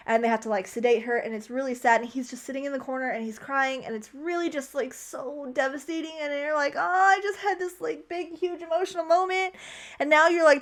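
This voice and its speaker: A young woman recapping a movie in a casual vlog, chatty and gushing, with a lot of "like" in her speech. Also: fairly high pitch. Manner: chatty, heavy use of "like", gushing. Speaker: movie commentary vlogger.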